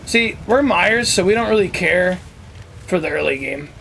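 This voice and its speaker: High, lively cocky gamer man. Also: moderate pace, gravelly, slight background noise, poor audio. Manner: cocky trash talk with heavy swearing. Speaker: gaming channel host. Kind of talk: casual gameplay commentary.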